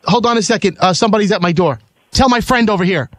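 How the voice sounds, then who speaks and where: A man making a prank phone call, ordering food in a casual, hesitant way with filler pauses. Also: high-pitched, no room sound. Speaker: prank caller.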